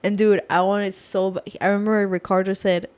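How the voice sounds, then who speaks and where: A woman's voice: mid-range voice, little pitch movement, fairly quick, a little mellow, clear, resonant tone. Chatty woman saying "dude" a lot. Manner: chatty, uses "dude" and "like" often. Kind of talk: casual podcast chat.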